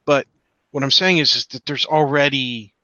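Man, bright forceful voice, blunt casual co-host, slightly dull lo-fi mic. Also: medium pitch, normal speed, dry recording. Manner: blunt, casual, with mild swearing. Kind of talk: casual live-stream discussion.

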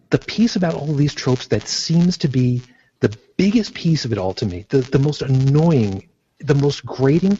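A man's voice: mid-range voice, a little mellow, slightly rough, muffled recording. A man hosting a casual podcast discussion, emphatic and opinionated, often repeating phrases as he builds a point. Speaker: podcast host.

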